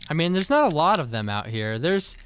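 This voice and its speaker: Wry, relaxed man podcast co-host. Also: a little high, a little fast, background noise. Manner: relaxed, wry, self-correcting. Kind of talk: casual chat.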